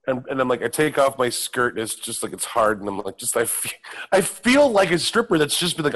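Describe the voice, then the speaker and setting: Profane storytelling man, lively and loud. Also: medium pitch, a little fast. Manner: profane, self-mocking, acts out quoted voices. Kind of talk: casual storytelling on a talk show.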